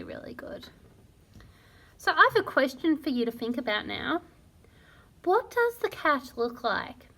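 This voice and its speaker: A woman teaching a phonics lesson to young children, sounding out words slowly and praising often. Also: high-pitched, gravelly, fairly bright tone. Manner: slow, sounding out words syllable by syllable; encouraging and praising. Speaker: primary school teacher.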